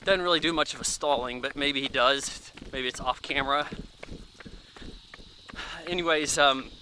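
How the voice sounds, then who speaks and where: A man's voice: mid-range voice, moderate pace, sharp tone, a little hiss or hum. A man in his thirties giving a casual, rambling movie review, chatty and offhand, thinking aloud with plenty of fillers.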